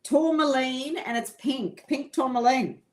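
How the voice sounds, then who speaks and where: A woman slowly reading a description of a crystal aloud to viewers of a live stream. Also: sits high. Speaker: co-host.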